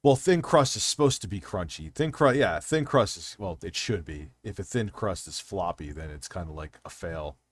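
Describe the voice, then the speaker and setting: A man's voice: deep voice, animated, moderate pace, hardly any pauses, dry recording. A man hosting a stream, ranting with sarcastic, incredulous reaction commentary and heavy swearing. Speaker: streamer host.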